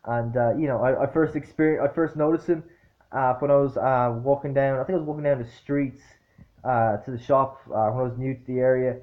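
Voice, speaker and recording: Speaking slightly quickly in a mid-range voice with fairly even intonation, a male vlogger tells a rambling, casual story full of fillers and false starts. His retelling is blunt, sweary and exasperated, captured on a dull lo-fi recording.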